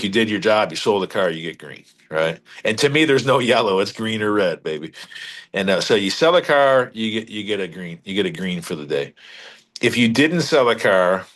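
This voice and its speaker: A middle-aged man with a somewhat low voice talks shop as a guest on a podcast. He is a car dealership leader who speaks bluntly and emphatically, with a little salty language. He often repeats himself and restarts his sentences as he builds his point. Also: a bit bright. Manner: salty, blunt sales talk. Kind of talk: casual interview talk.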